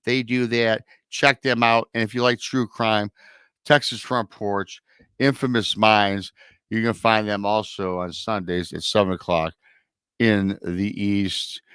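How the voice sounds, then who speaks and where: A man's voice: on the low side, level tone, measured pace, a bit bright, smooth, dry recording. Male podcast host, casual promo patter, dry close-miked sound. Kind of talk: live show intro and announcements.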